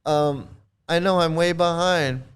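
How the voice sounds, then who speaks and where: A man's voice: fairly high pitch, unhurried, clear, resonant tone. A man hosting a live commentary stream, mocking and sarcastic as he reacts to chat comments, rambling with frequent restarts. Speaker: channel host.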